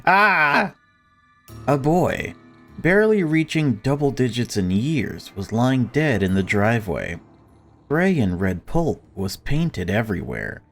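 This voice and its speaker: A man's voice: medium pitch, big pitch swings, unhurried, soft background music. A young man reading a horror visual novel aloud, with joking commentary between the lines. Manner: jokey, laughs at himself. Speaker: gaming YouTuber.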